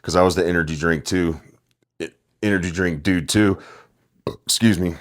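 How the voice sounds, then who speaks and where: A man's voice: deep voice, fairly even intonation, moderate pace. A young man hosting a podcast, telling delivery-driver stories in a rambling, heavily profane casual monologue.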